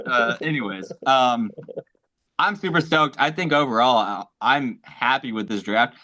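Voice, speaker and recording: Excitable swearing podcast man. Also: mid-range voice. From American South. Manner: excitable, swearing, quick to laugh. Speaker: podcast co-host. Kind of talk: casual sports chat.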